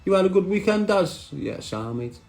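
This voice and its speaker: A man's voice: high voice, very animated, normal speed, creaky, a little mellow, soft background music. A man, chatting brashly on a live stream and answering viewer comments. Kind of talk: casual live stream chat.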